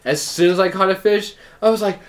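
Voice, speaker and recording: A man co-hosting a casual podcast, telling rambling stories with loose, expressive delivery. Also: sits high, a little fast. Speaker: podcast co-host.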